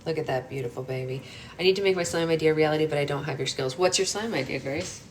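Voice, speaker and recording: A woman's voice: sits low, quick pace, echoey room, slight background noise. Chatty woman hosting a livestream. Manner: chatty, reads out viewer comments, playful mock-boasting. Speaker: livestream host. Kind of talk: casual livestream chat.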